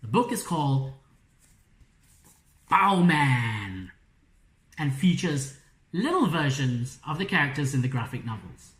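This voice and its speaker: A woman author explaining story structure in a live online workshop, in a slow, clear, explanatory way. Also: rumbling low, big pitch swings. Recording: echoey room.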